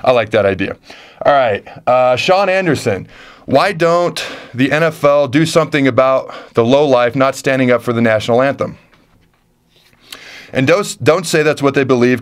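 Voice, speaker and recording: A man's voice: mid-range voice, clean tone. A man in his thirties, a former football player, reading fan questions and answering them in a casual, emphatic way that repeats phrases for punch.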